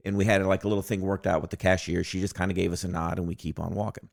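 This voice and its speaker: Deep gravelly man, laid-back podcast chat. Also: very fast, dry recording, clean studio sound. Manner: relaxed, hesitant with fillers. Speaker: podcast co-host. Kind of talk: casual storytelling chat.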